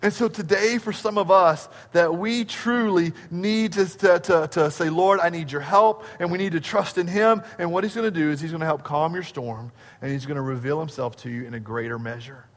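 A man preaches a sermon with a somewhat high voice. He swells and drops for emphasis and stacks repeated phrases. His voice rings with the long reverb of a church sanctuary. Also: moderate pace, hardly any pauses, a bit bright. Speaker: pastor.

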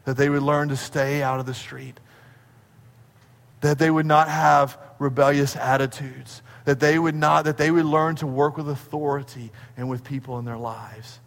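A middle-aged man with a high voice preaches a sermon, and his words ring out with a long reverb in a church sanctuary. He tells family stories in an animated way, sometimes sliding into squeaky impressions of his kids. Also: normal speed, vocal fry. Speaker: pastor.

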